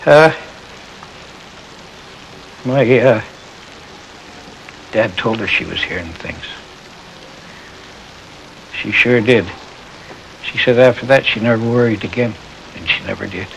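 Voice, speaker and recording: An older man, a war veteran, recalling his memories in a documentary interview, halting and reflective with many pauses. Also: fairly low pitch, gravelly, fairly bright tone, slight background noise, low-quality recording.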